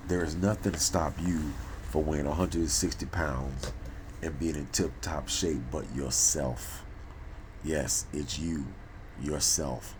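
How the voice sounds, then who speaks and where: A man's voice: rumbling low, steady tone, measured pace, noisy background. A man vlogging in a casual monologue, emphatic and rambling, repeating phrases for stress. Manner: rambling, with restarts and asides. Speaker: pastor and vlogger.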